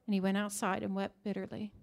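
A woman reading a scripture passage aloud to a congregation, slow and measured. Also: medium pitch, completely flat delivery, vocal fry, a little mellow. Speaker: scripture reader.

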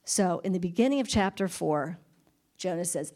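A woman's voice: fairly low pitch, animated, moderate pace, mellow. Chatty woman leading a Bible study. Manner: chatty, thinks aloud with fillers; laughs often while retelling. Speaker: women's Bible study leader. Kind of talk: informal Bible teaching.

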